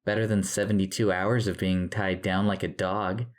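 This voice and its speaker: A man voicing a cold, eerie orphan girl who speaks flatly. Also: sits low, moderate pace, lightly acted. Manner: cold and flat.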